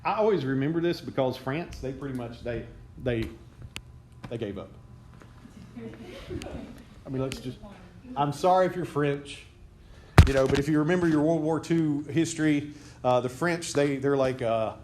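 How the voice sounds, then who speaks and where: A man's voice: on the high side, lively intonation, normal speed, long pauses. A man giving a chemistry lecture to a class, quizzing students and joking as he goes. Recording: noisy classroom recording.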